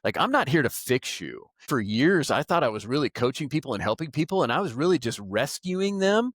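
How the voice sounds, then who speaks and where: A man with a very lively voice that rises and falls as he acts out what others said. He speaks openly and critically about his own habits, in a relaxed interview setting. The recording is dry and close. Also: mid-range voice, brisk, dry recording. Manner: animated, acts out quoted remarks; candid and self-critical. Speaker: market director; guest. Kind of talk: casual interview talk.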